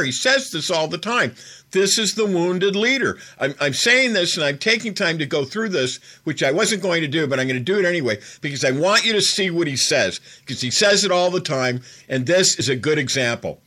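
A man's voice: fairly high pitch, expressive, fairly quick, bright, forceful tone. A man hosting a political commentary show, recounting an interview in a casual, incredulous and mocking way, laughing as he goes.

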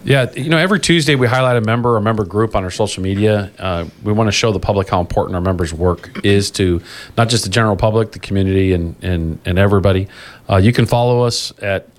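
Low-voiced man rambling through a union show. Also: fast. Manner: rambling, self-correcting, laughs easily. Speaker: union podcast host. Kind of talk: casual podcast chat.

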